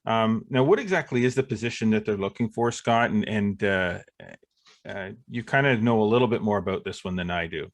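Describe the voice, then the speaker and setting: A man's voice: on the low side, fairly quick. A man from Eastern Ontario co-hosting a casual golf podcast, rambling with lots of fillers and an upbeat tone. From Eastern Ontario, Canada. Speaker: podcast co-host.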